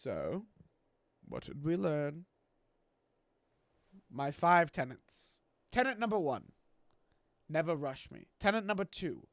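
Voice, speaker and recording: High, bright-voiced ranting male streamer. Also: no room sound. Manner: theatrical, pompous, profane ranting. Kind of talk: playing a boastful chef persona on a game stream.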